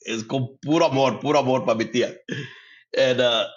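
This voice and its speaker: Here the solo podcast host speaks at a fairly quick clip with a medium-pitched voice. He's casual, laughing frequently, swearing openly and dropping Spanish into his English, all captured with muffled lo-fi sound.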